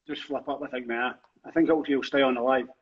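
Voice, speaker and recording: Distant Scottish host on a call. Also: male voice, medium pitch, fairly quick. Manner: relaxed, brief prompts and "mate". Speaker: interviewer host. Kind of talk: casual interview chat. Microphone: live video call. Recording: distant, dull call audio.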